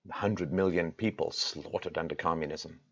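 Male host, very low voice, impassioned rhetorical monologue, lo-fi sound. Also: fairly even intonation, moderate pace, gravelly, slightly rough. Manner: impassioned, rhetorical, swings from loud to quiet. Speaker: show host. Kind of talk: direct-to-camera address.

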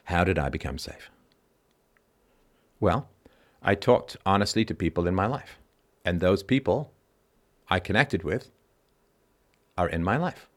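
Man, low voice, emphatic call-in host, repeats points for stress. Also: expressive, a little slow, pauses often. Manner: briefly acts out other people's reactions in mocking voices. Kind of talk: philosophical monologue to a caller.

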